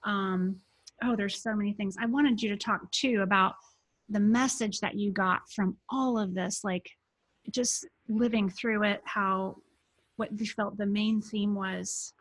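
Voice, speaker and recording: A woman's voice: medium pitch, fairly even intonation, measured pace, no echo. A woman hosting a podcast interview, enthusiastic and affirming toward her guest. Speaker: podcast host. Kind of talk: casual interview chat.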